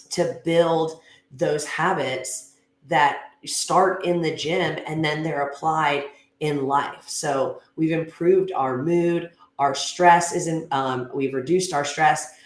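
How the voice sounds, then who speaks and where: A woman giving an earnest, conversational motivational talk at a gym, with frequent fillers like "you know" and "um.". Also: low voice. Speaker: gym speaker. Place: gym class space. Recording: echoey room.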